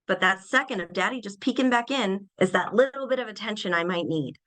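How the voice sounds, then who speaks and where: Bright-voiced woman giving a lively webinar talk. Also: medium pitch, a little fast, low-quality recording. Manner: animated, acts out little scenes in changed voices. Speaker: behavior analyst presenter. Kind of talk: webinar lecture.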